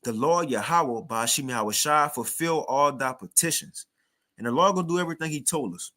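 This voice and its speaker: A man's voice: a little high, fairly quick, bright, forceful tone. A man preaching in a casual, slangy way, talking conversationally and reading scripture aloud between his comments.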